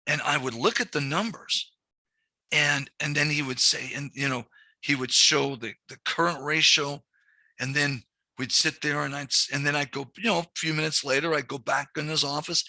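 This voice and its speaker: A man's voice: fairly high pitch, normal speed, sharp tone, no room sound. A middle-aged man teaching commercial lending, lecturing in a conversational way with frequent restarts. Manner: conversational, repeats words and restarts. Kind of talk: classroom lecture with anecdotes.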